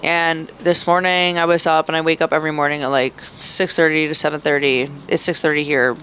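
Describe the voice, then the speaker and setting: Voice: mid-range voice, little pitch movement, a little fast, pushed and bright, a little hiss or hum. A thirty-year-old vlogger talking in a rambling, emotional way, full of swearing and fillers. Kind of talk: emotional personal vlog. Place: outdoors in Mexico, birds audible.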